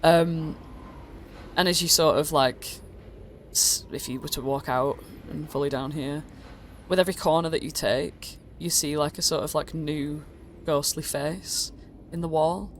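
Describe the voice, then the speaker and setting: A woman's voice: low-pitched, fairly even intonation, a little slow, slight background noise. A British woman as game master, narrating a tabletop game in a rambling way with many fillers. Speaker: dungeon master.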